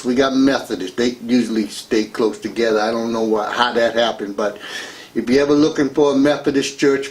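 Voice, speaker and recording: A man hosting a talk radio show, rambling through a casual monologue and laughing between remarks. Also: mid-range voice. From United States. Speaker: radio host.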